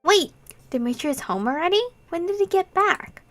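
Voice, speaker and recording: A young woman hosting a let's-play, reading a visual novel aloud with expressive, giggly reactions. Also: very high-pitched, normal speed, faint music behind.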